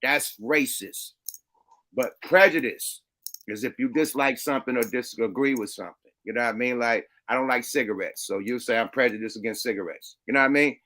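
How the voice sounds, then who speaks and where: A middle-aged man co-hosting a casual talk show. His voice is bright and forceful, and his pitch sits in an ordinary middle range. He talks in loose street slang and is quick to act out other people's words. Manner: animated, slangy, acts out quotes in high voices. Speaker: podcast co-host. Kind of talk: casual chat.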